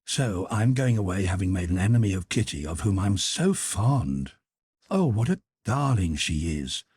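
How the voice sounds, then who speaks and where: An impulsive, tearful young noblewoman, put on by a male reader in a breathy voice lifted above his deep register. She pleads and rushes in an excitable, animated lilt. The sound is dry and close. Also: no echo, exaggerated voice. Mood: excited. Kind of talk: audiobook character voice.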